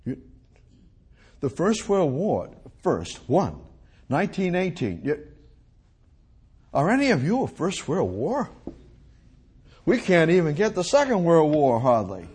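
An older man preaching a rambling, animated sermon full of rhetorical questions to a congregation. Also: fairly high pitch, takes it slowly, long pauses, husky.

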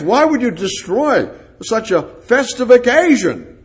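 A man with a husky, fairly high voice preaches through scripture at an unhurried pace. He lingers on each verse he reads and then builds into urgent, rising exclamations. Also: big pitch swings. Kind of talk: verse-by-verse sermon.

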